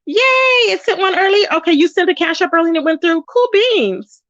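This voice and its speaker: A high-pitched woman chatting casually with her livestream viewers, reading their comments and answering them. Her voice is dry and close, with a slightly dull, muffled sound. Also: a little fast, dry recording. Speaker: livestream host.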